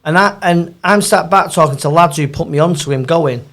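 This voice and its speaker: A man, a football agent chatting in an interview, telling animated stories. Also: fairly high pitch, normal speed. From Manchester, England. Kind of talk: casual storytelling interview.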